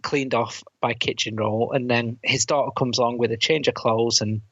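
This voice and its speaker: A man co-hosts a casual film review podcast, walking through the plot and throwing in quick quoted lines. His voice is a little husky and sits at an ordinary pitch. The recording is dry and somewhat dull, like a basic home podcast mic. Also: steady tone, a bit bright, no room sound. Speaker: podcast co-host.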